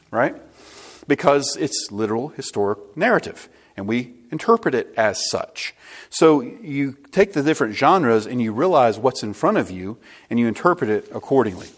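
A man preaching a sermon, emphatic and asking the congregation rhetorical questions. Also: medium pitch.

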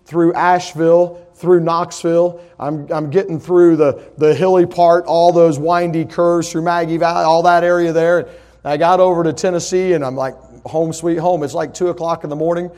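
A middle-aged man, preaching a sermon with folksy stories that build to loud, emphatic points. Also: on the high side, flat delivery, normal speed. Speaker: pastor. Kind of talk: sermon with personal story.

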